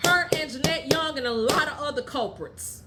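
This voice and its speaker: A woman hosting her own podcast, telling personal stories in a blunt, profane and heated way, at times dropping low and quiet. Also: normal speed, very noisy. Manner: drops low and quiet when telling family matters. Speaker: podcast host. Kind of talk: candid personal storytelling.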